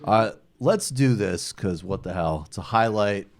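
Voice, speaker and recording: A man's voice: on the low side, lively intonation. A man hosting a podcast in casual, comic chat, laughing often and swearing freely. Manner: laughing, profane, quick banter. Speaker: podcast host.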